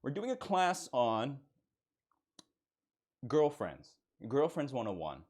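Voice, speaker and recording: Playful young male streamer, lively voice. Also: medium pitch, takes it slowly. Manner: playful, joking, laughs often. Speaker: streamer playing a teacher persona. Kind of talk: casual live-stream chat.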